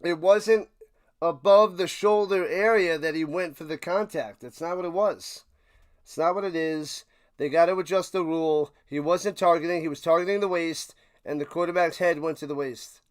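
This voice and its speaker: A high-voiced man calls football plays live for his stream's watch party. He rants and repeats himself, jumping from shouted outrage to low grumbling mutters. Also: moderate pace. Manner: excitable, swings from ranting shouts to low mutters; repeats himself while ranting. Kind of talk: live play-by-play and reaction commentary.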